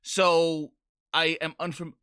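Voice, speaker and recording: A woman's voice: deep voice, little pitch movement, takes it slowly, fairly bright tone, clear, resonant tone. A woman livestreamer chatting casually, rambling and stumbling over restarts as she reads and answers viewer messages. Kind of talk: casual chat while reading viewer messages.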